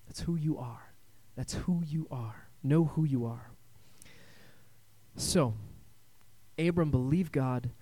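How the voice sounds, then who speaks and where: Man, pastor, high-pitched voice, sermon, loud-to-hushed swings, calls for amens. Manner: dynamic preaching, swinging between loud emphasis and hushed tones, asks for amens.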